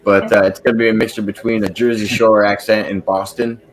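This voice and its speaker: A low-pitched man hosts a casual livestream chat over a video call. He jokes, laughs easily and trips over his own words as he talks. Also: little pitch movement, a little fast, faint music behind. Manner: joking, laughs often, restarts phrases. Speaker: podcast host.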